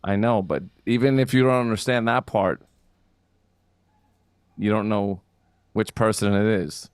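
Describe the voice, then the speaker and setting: A man, a musician and producer, chatting casually as a guest with deadpan teasing and quick asides. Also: lowish voice, clear, resonant tone, no echo, clean studio sound. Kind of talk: casual chat.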